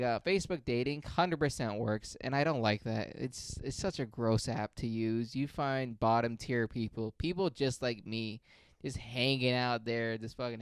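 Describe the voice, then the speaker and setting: A young man talks off the cuff and rambles, swearing freely and making fun of himself. His voice is smooth and clear, and it sits at an ordinary middle pitch. The recording is dry and close, with no room sound. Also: no echo. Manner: profane, rambling, self-mocking. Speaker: podcast host. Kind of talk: casual solo monologue.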